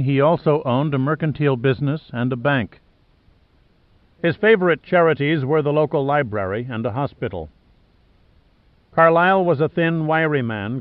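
A man narrating an audiobook in a measured, even storytelling manner. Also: medium pitch, no room sound. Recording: dull, dry studio recording.

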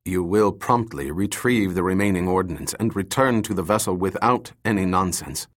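A man reading a cold, menacing commando leader in an audiobook, low and slow, every word quiet and coldly polite. The threat sits in the calm rather than in volume. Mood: cold menace. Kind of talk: audiobook character voice.

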